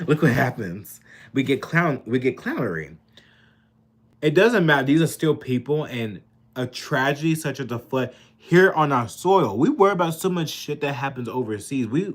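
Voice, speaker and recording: A man rants about politics in a heated, profane voice. His pitch swings widely, leaping up when he gets worked up and dropping low when he mutters. He repeats himself as the anger builds. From Kentucky, US. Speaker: political vlogger. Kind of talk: angry political rant.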